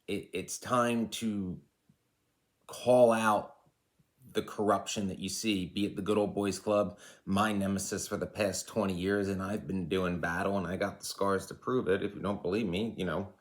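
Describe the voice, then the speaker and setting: A man in his forties with a very low, deep voice delivers a casual, fired-up monologue to his viewers. He speaks passionately and rambles, dropping asides as he goes. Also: fairly even intonation, moderate pace. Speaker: vlogger and life coach. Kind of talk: casual to-camera rant.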